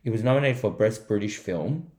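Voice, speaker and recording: A man's voice: on the low side, expressive, fairly quick, a little mellow. A man co-hosting a casual movie review podcast, reading out awards and box office facts and chatting about the film. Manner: reads out facts, quotes lines in put-on voices. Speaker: podcast co-host.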